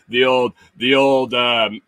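A middle-aged man hosting a casual live stream, reading chat comments aloud and teasing viewers with chuckles and halting restarts. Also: mid-range voice, a bit bright.

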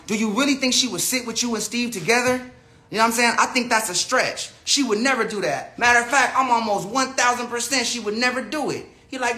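A man's voice: extremely high pitch, fairly quick, bright, forceful tone. A man ranting unscripted to his viewers, profane and rambling, often restarting his sentences. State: says he is high. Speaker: person telling his side of a story.

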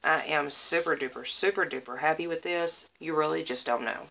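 Her voice sits low and sounds gravelly, moving at a moderate pace through poor-quality audio. As a craft vlogger opening happy mail, she talks casually to camera, gushing excitably over every piece and repeating words of praise.

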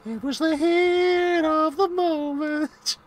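A shrill, strained comic voice squeezed up into a thin falsetto, as a man puts it on. It stretches every word slowly in a sing-song way, pitched far above a normal speaking voice. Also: fairly even intonation. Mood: silly. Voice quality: strained falsetto that hurts the throat. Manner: drawn-out, sing-song delivery. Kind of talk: comic put-on voice during a game stream.

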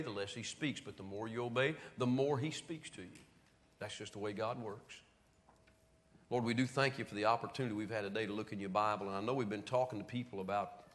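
A middle-aged man preaching a sermon, telling homespun stories and making an earnest appeal. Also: lowish voice. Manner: folksy storytelling, then quiet earnest appeal. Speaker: pastor. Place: church sanctuary. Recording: church hall reverb on a live stream.

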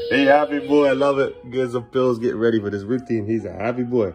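In his kitchen at home, a father vlogs while chatting casually and playfully with his young sons, often slipping into sing-song baby talk. His voice is lowish and brisk.

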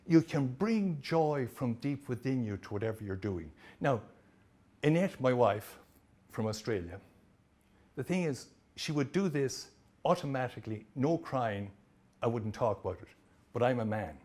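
A man giving a lively motivational presentation to trainees, telling stories with humor. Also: mid-range voice, a little slow. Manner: animated, storytelling, jokey. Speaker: motivational speaker.

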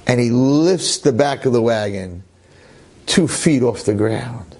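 A middle-aged rabbi telling a story in a dramatic, animated way, acting out its characters. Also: male voice, mid-range voice, slow pace, slightly rough. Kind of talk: storytelling lecture.

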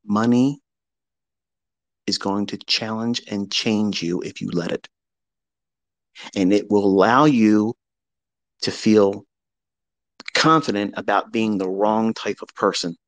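A man's voice: fairly low pitch, slow, pauses often, no room sound. A middle-aged man giving a candid motivational talk as a trading mentor, blunt and profane, mixing heavy emphasis with confessional reflection.

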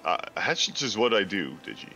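A man with a very deep, gravelly voice trades dry, teasing banter during a game stream. His delivery swings widely in pitch. A faint hiss runs underneath. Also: big pitch swings, brisk, bright, forceful tone. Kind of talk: casual gameplay chat.

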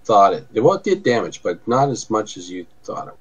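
A man running an online tabletop game as game master, talking haltingly and often saying okay. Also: fairly low pitch, big pitch swings.

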